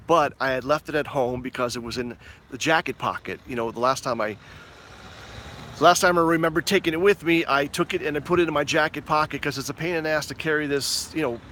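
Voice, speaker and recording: A middle-aged American man with a slightly higher voice tells a story outdoors. He is animated and swears freely as he acts out each voice in the exchange. Faint traffic hums behind him. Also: fast talker. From United States. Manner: animated, profane, acts out both sides of dialogue. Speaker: vlogger. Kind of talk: casual storytelling to camera.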